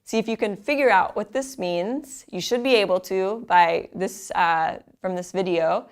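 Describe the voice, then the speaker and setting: Slow, clear-voiced woman teaching vocabulary. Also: mid-range voice. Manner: slow, clear, repeats each word for learners. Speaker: Italian teacher. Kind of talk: language lesson.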